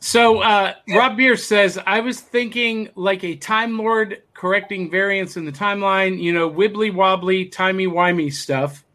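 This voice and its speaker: A man hosting a podcast over a video call, reading out listener comments in a relaxed, chatty way. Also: high voice, unhurried, few pauses. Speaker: podcast host.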